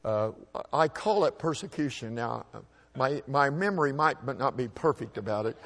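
At a microphone before an audience, a man shares a personal story in a folksy, halting manner, often repeating words as he starts over. His mid-range voice is expressive and slightly bright.

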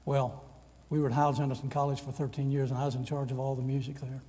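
A man's voice: mid-range voice, fast talker, breathy edge. An older man preaching a storytelling sermon, acting out the voices in his stories. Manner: animated storyteller, acts out quoted voices. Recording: long reverb of a large hall.

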